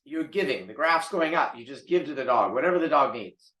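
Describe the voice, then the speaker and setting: A man's voice: medium pitch, expressive, fairly quick, a bit bright. A man who trains dogs, talking casually on a podcast in an emphatic way and repeating key words. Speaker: dog trainer. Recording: roomy echo.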